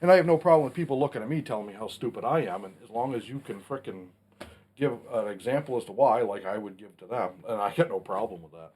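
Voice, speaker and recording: A man's voice: fairly low pitch, fast talker, a little mellow, slightly rough. A man in his forties hosting a casual Q&A vlog, talking in a blunt, plainspoken way with some mild swearing. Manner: blunt, plainspoken, mildly profane. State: has the hiccups. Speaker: channel host answering a Q&A.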